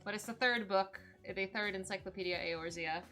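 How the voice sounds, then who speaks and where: A woman in her thirties, a streamer chatting casually on a live stream and opening gifts in a bubbly, excitable way. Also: medium pitch, normal speed, few pauses, faint music behind. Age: 30s.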